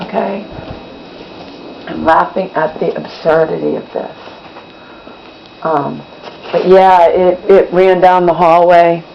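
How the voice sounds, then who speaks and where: A woman vlogs from her home kitchen in a rambling, exasperated way, circling back to the same points. Her voice sits at a middle pitch. The recording sounds a little muffled, with a faint hum underneath. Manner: rambling, repeats herself, exasperated. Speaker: vlogger. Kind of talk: casual vlog monologue. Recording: slightly dull, faint background hum.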